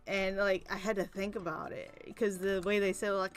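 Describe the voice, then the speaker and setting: A woman's voice: mid-range voice, little pitch movement, moderate pace, few pauses, clear, resonant tone. A young woman chatting casually and venting while she works on a drawing, rambling and swearing freely. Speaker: art streamer. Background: soft background music.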